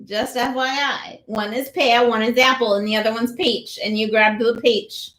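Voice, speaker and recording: A woman's voice: fairly high pitch, steady tone, normal speed, a bit bright, roomy sound. A woman co-hosting a casual livestream, teasing her partner.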